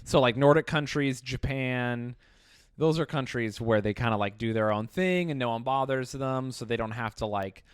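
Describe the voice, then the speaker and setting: A man co-hosting a podcast in casual chat, excitedly explaining history facts and laughing often. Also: medium pitch, smooth, no room sound, studio quality. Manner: animated, laughing, quick to lecture on history. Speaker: podcast co-host.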